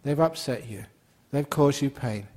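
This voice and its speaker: A man's voice: medium pitch, unhurried, darkish tone. A man, a Buddhist monk, giving a dharma talk and telling stories playfully while laughing at his own jokes.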